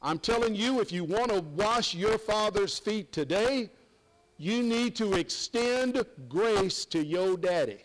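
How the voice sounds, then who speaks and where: A man's voice: high-pitched, expressive, takes it slowly, poor audio. An older man preaching a sermon, folksy and emphatic, with sudden exclamations.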